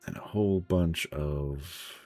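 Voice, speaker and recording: A man's voice: a bass voice, takes it slowly, darkish tone, soft background music. A man streaming a game live, muttering through his looting and reacting to chat in casual commentary.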